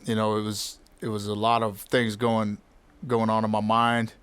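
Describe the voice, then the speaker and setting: Low-voiced man telling a personal story. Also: completely flat delivery, a bit bright, smooth, no echo. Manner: reflective, candid, halting restarts. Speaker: podcast host.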